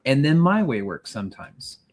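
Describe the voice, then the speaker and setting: A man, a podcast guest, talking casually in a calm, measured way. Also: mid-range voice. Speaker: podcast guest, paranormal investigator. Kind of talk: casual chat.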